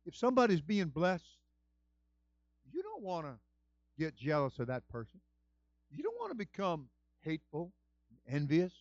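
A man preaching as senior pastor, animated, building to shouts. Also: on the high side, dry recording. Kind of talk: sermon. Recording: dull lo-fi dry recording.

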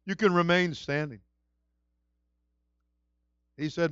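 A middle-aged male pastor preaching a sermon with passion, moving between hushed storytelling and shouted exclamations. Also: sits high, lively intonation, measured pace, long pauses, dry recording, lo-fi sound. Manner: exclaims "whew" and "woo".

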